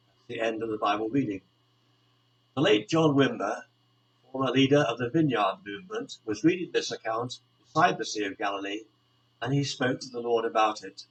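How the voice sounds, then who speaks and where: Calm, earnest man reading a devotional. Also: mid-range voice, moderate pace, low-quality recording. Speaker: church community member. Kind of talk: devotional reflection read aloud.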